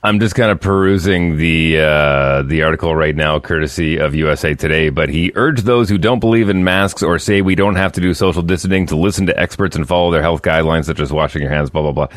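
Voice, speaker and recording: A man hosting morning radio in a very low voice, chatting and joking with the audience. The sound is close and dry, straight from a studio mic with no room around it. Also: a little fast, hardly any pauses, dry recording. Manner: chatty, jokey, talks straight to listeners. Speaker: radio morning show host. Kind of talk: casual radio banter. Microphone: studio microphone.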